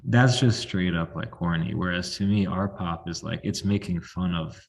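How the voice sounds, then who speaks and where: Low gravelly-voiced man hosting. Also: normal speed. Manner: chatty, lots of "like", quoting and asking. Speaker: podcast host. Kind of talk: casual podcast conversation.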